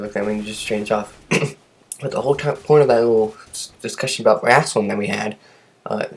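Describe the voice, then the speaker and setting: A man's voice: on the low side, a little mellow. A teenage boy casually telling a rambling, self-deprecating story about his day, with sarcastic asides. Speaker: vlogger.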